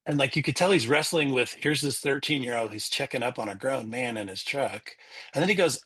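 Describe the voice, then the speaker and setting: A middle-aged man with a husky, breathy voice tells a personal story as a guest. He is animated and acts out each person in the story as he goes. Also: medium pitch, fairly quick. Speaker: guest coach.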